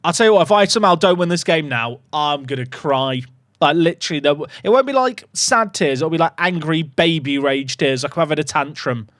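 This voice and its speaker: A young man streaming a football management game, commentating casually with sarcastic, excitable swings. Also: a little high, brisk, dry recording, clean studio sound. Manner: animated, sarcastic, swings between excitement and mock despair. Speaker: gaming streamer.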